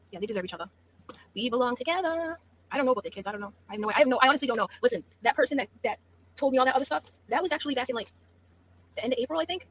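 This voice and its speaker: A woman's voice: on the high side, fairly bright tone, a little hiss or hum. A woman hosting a gossip livestream, talking casually and mockingly with laughs. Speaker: livestream host.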